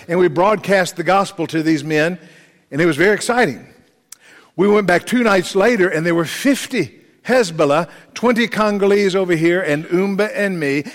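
Dramatic storytelling preacher man, slightly high voice. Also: big-room sound. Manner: dramatic storytelling, rising intensity. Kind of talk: sermon. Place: church.

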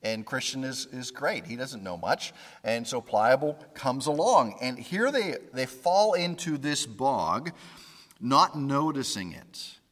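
Man, bible teacher, mid-pitched, informal halting delivery, long hall reverb. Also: lively intonation, a bit bright. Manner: informal, halting, many fillers and restarts.

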